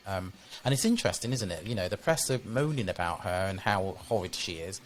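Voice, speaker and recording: Low-voiced male co-host, chatty, leans on tag questions; slight background hiss. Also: lively intonation, a little fast. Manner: conversational, full of tag questions. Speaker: podcast co-host. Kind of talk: casual chat.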